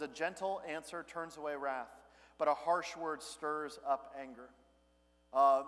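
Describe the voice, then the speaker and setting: A man's voice: on the high side, a bit bright. A man in his thirties, a pastor giving a conversational sermon with personal stories and self-deprecating humor. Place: large church sanctuary. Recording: long church hall reverb.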